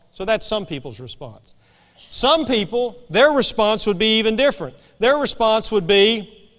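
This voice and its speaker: A man's voice: high-pitched, big pitch swings, normal speed, a bit bright. A man preaching a sermon as pastor, telling stories in a folksy, emphatic way. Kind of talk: storytelling sermon. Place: church sanctuary. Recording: long reverb of a church hall.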